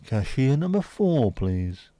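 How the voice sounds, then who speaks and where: A man putting on the voice of an impatient male shop cashier who calls customers to the till in a drawn-out way. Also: very animated, dry recording. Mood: brusque. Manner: drawn-out announcing, rising to shrill yelling.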